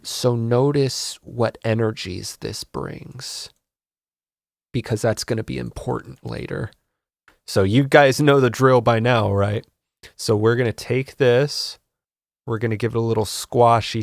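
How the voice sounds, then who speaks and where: Gravelly guy ranting through a tutorial. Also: medium pitch, dry recording, studio quality. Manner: rambling, frustrated, swears, mock-serious. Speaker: art tutorial host. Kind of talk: casual comedic screen-recorded tutorial.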